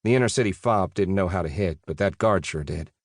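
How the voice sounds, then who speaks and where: A man with a fairly low voice narrates an audiobook at a steady, even pace. The recording is dry and close, with no room sound. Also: fairly quick, dry recording. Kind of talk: scripted narration.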